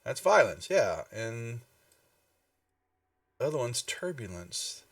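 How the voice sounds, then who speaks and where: A man's voice: medium pitch, very animated. A man running a tabletop game, rambling as he searches his notes. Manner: slow, rambling, searching aloud through notes. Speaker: game master. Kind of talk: narrating a tabletop game on a live stream. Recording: distant mic, faint music behind.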